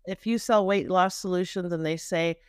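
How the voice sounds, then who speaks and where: A woman's voice: fairly low pitch, steady tone, normal speed, clean tone, dry recording, clean studio sound. A middle-aged Canadian woman with a Canadian accent, talking emphatically as a marketing coach in a podcast interview, with restarts and repetitions.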